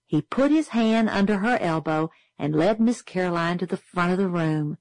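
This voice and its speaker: A woman reading a novel aloud as an audiobook narrator, steady and clear. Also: on the low side, moderate pace, no room sound, poor audio. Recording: dry close studio sound.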